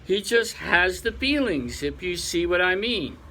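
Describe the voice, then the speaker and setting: A man's voice: high voice, lively intonation, a little slow, sharp tone, heavily acted. Man doing a polite, earnest young rabbit.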